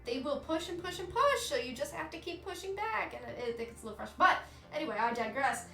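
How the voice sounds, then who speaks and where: A woman streamer in her thirties chatting casually with her live chat, candid and quick to swear. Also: high voice, big pitch swings, vocal fry, sharp tone. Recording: echoey room with faint music.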